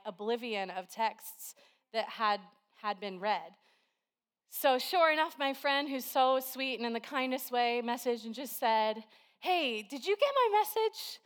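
A woman's voice: fairly high pitch, normal speed, fairly bright tone. A woman preaching a sermon to a congregation, telling everyday stories in a chatty, conversational way. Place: church service with a congregation.

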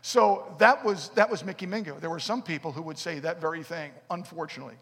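A middle-aged man preaching a sermon and telling his own story, swinging between loud bursts and hushed asides. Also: fairly high pitch, husky. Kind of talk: sermon with personal testimony. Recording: echoey hall, long reverb.

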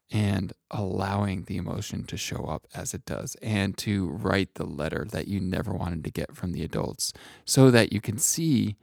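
A man coaching listeners on self-kindness in a soft, intimate way, calling the listener his friend. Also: lowish voice, creaky, no echo, studio quality. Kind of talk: gentle motivational monologue.

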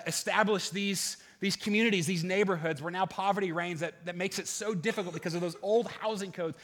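Bright-voiced male pastor preaching. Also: high-pitched. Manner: earnest, many restarts and fillers, gets animated. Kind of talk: sermon with opening prayer.

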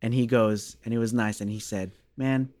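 A man in his thirties from Australia, a bass player guest in a casual interview, telling a story animatedly and acting out the dialogue. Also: flat delivery, fairly quick, darkish tone, no room sound.

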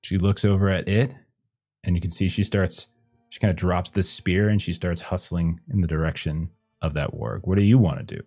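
Lowish-voiced man narrating a game. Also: steady tone, normal speed, warm tone, husky, soft background music. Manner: hesitant, lots of kinda and uh. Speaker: game master.

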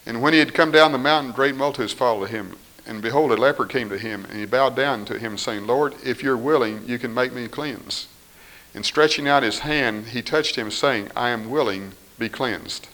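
A man delivers a sermon with a bright, forceful tone at a middle pitch. He reads scripture aloud and swings between quiet, firm statements and raised, pleading voices. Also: moderate pace, rough recording. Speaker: preacher.

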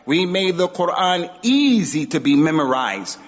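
A man's voice: sits high, big pitch swings, a little slow. A man giving an emphatic religious lesson in a mosque, exhorting his audience. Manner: emphatic, exhorting, acts out quotes. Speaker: Islamic teacher. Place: mosque hall. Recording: dull sound with long hall reverb.

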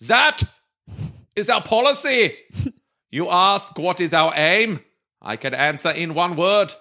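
A man's voice: high-pitched, lively intonation, takes it slowly, bright, forceful tone, voice pushed up, heavily acted. Figure: a man doing a pompous old wartime orator. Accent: mock German. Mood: declaiming. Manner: grand, declaiming oratory. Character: pompous older male wartime orator, booming.

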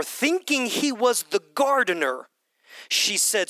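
A man preaching a sermon to his congregation, animated, swinging between loud bursts and hushed whispers. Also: high voice, measured pace, dry recording. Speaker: pastor. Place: church hall with congregation.

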